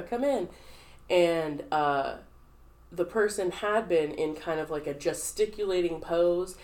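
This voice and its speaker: A young woman from the southern United States, co-hosting a casual podcast chat, rambling through a story with lots of fillers and quoted voices. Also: sits low. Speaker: podcast co-host.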